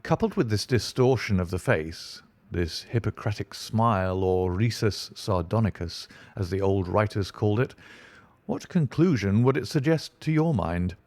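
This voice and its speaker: A man voicing a cool, analytical detective in an audiobook, speaking in a measured, dry, lecturing way. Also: fairly low pitch, animated, darkish tone, no room sound. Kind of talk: audiobook reading.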